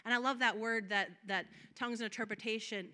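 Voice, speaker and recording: A woman preacher delivering an impassioned sermon, moving between soft, drawn-out passages and loud, emphatic declarations. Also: on the high side, steady tone. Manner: acts out quoted prayers and dialogue.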